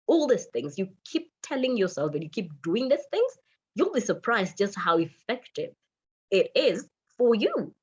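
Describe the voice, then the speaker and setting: A middle-aged Kenyan woman with a Kenyan accent, a radio manager giving a lively motivational talk and slipping into Swahili phrases. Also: mid-range voice, unhurried, muffled recording, slight background noise.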